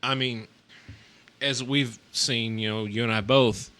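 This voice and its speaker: A man's voice: medium pitch, steady tone, unhurried, pushed and bright. A man co-hosting a podcast, talking in an easygoing, earnest way with joking asides. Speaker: podcast co-host; nursing home worker. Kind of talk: casual podcast chat.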